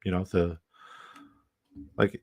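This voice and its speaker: A man from Canada talking loosely on a live stream, rambling and cursing and saying things twice. His voice sits low, and the sound is dry and close with no room echo. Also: flat delivery, takes it slowly, a little mellow. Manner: rambling, profane, repeats himself. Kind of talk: casual live-stream chat.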